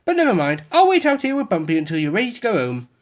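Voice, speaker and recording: A woman reading a storybook aloud, voicing a small cheerful wooden boy toy in a high eager voice. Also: wildly swooping pitch, fast talker. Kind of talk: storybook voice acting.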